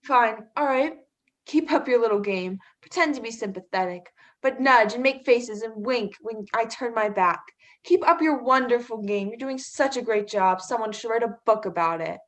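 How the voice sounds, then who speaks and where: A woman's voice: a little high, normal speed, natural voice. A teenage girl acting as a hurt, jealous young woman in a school stage play, pleading and bitterly sarcastic. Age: teens. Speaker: student actor.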